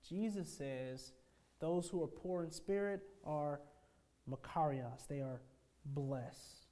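Emphatic male preacher, mellow voice. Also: a little high, slow pace. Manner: emphatic, with rhetorical questions to the congregation; swings between hushed phrases and forceful declarations. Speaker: pastor. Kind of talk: sermon.

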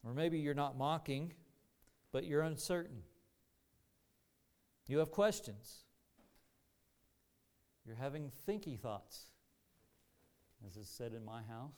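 Slow, resonant male preacher. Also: medium pitch, lively intonation, darkish tone. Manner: earnest, deliberate preaching with rising emphasis. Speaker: pastor. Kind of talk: sermon.

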